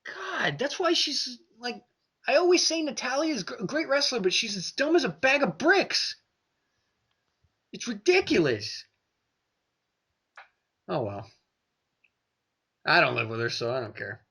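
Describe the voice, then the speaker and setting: Male co-host, ranting, profane, animated pitch, casual chat. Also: a little slow, long pauses, husky. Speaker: podcast co-host.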